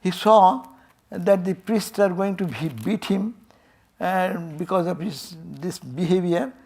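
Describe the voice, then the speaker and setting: A man's voice: high-pitched, slow, gravelly, slightly rough. An older man with an Indian English accent, a swami telling a devotional story in a sermon and acting out its dialogue with chuckles. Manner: animated, acts out dialogue, chuckles often. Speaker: swami giving a temple talk.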